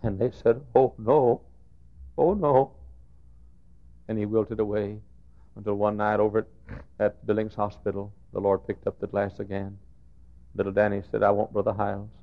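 A middle-aged preacher delivers his sermon in a lowish voice, sinking to near-whispered storytelling before bursting into shouts. The sound is muffled and lo-fi, like an old church tape recording. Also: completely flat delivery, fairly quick. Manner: swings from hushed storytelling to shouted outbursts. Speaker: pastor. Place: church sanctuary.

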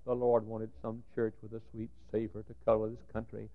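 Preacher with a drawl, lo-fi tape. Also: male voice, fairly low pitch, monotone, fairly quick. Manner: swings from hushed storytelling to shouted outbursts. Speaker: pastor. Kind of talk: sermon. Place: church sanctuary.

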